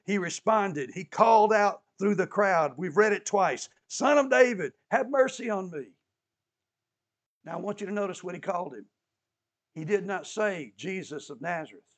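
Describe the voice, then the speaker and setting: A man's voice: sits high, a bit bright. A man preaching a sermon as an emphatic storyteller who repeats key phrases and adds touches of humor.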